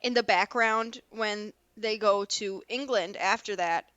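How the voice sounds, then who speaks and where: A woman's voice: medium pitch, a little slow, fairly bright tone, no echo. A woman co-hosting a podcast in casual chat, chatty and gushing, laughing often. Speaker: podcast co-host.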